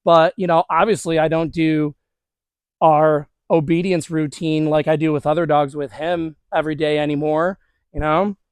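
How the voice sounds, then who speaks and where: A man with a notably high voice talks viewers through a training session, casual and encouraging as he works with a dog. He is recorded outdoors with a dry, close sound and no room echo. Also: level tone, normal speed, clear, resonant tone. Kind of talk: hands-on training demonstration.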